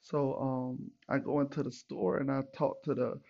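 Gravelly man telling a story. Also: medium pitch, moderate pace, muffled recording. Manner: animated, profane, retells with acted quotes. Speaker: podcast host. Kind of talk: casual storytelling monologue.

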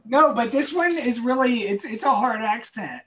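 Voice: mid-range voice, lively intonation, moderate pace, a bit bright, slight background noise, rough recording. A speaker in a casual podcast chat, chatty and rambling.

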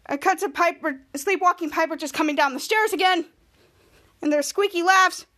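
A woman hosting a podcast, recapping a sitcom scene by scene in a casual, halting way with many restarts. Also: extremely high pitch, a bit bright. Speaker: podcast host.

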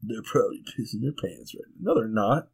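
A man's voice: medium pitch, lively intonation, brisk, vocal fry, darkish tone, slightly rough. A man casually chatting and joking while watching a film with a friend, laughing often. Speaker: co-host of a movie commentary. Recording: home room, TV audio.

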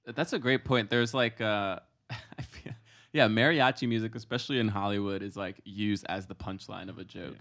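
A man's voice: fairly low pitch, moderate pace, a bit bright. A man co-hosting a podcast in an easygoing, casual chat. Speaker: podcast co-host.

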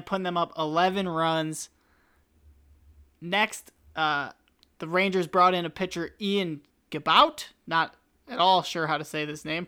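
A man's voice: fairly high pitch, pushed and bright, clear, resonant tone. A man hosting a casual sports podcast, reading the news in a chatty, opinionated way and poking fun at himself. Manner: chatty, opinionated, self-deprecating. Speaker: podcast host. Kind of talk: casual chat.

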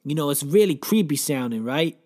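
A man's voice: on the high side, animated, brisk, warm tone. A man hosting a comedy podcast, telling a crude, rambling, profane story in a brash, joking rant.

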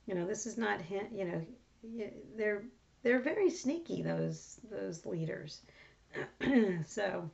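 A woman with a mid-range, creaky, somewhat dark voice rambles casually through a Bible passage, filling it with fillers and restarts. She is leading a Bible study, and the recording sounds dull and lo-fi.

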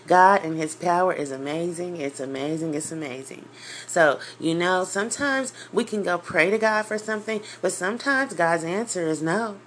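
A woman's voice: lowish voice, a little hiss or hum. A woman preaching an informal sermon, emotional and near tears, rising into impassioned, emphatic outbursts.

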